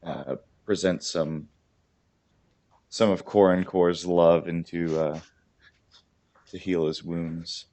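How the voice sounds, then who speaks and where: A man's voice: low voice, little pitch movement, warm tone. A man playing a tabletop game, speaking hesitantly. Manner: slow, hesitant. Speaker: player. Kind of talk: casual tabletop play.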